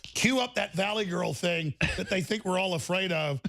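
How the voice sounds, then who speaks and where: A man hosting a live talk show, bantering loudly and breaking into mock British orator voices. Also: high voice, moderate pace, creaky, no room sound. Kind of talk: bantering live broadcast chat.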